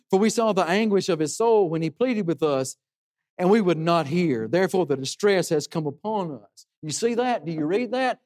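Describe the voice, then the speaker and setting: A man's voice: high voice, darkish tone. A man preaching a sermon in an earnest way, asking rhetorical questions and dropping his voice for emphasis.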